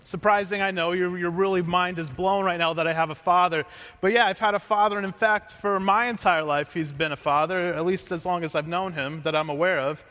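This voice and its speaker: Young guy preaching, high voice, jokey storyteller, long church-hall echo. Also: fairly even intonation, a little fast, bright, forceful tone. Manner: conversational, joking storyteller. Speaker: pastor. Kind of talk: sermon with personal story.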